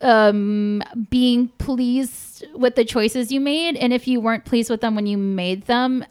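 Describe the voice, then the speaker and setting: Smooth-voiced young woman, frank and chatty. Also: on the high side, slow pace, a little mellow. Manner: frank, swears freely, lots of fillers. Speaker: podcast guest. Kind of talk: casual podcast chat.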